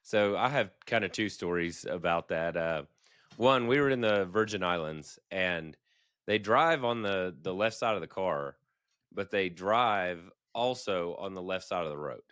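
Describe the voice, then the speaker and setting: A man's voice: low voice, expressive, a little slow, fairly bright tone, clean tone, dry recording, clean studio sound. A man co-hosting a podcast, telling easygoing travel stories in casual chat and chuckling as he talks. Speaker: podcast co-host.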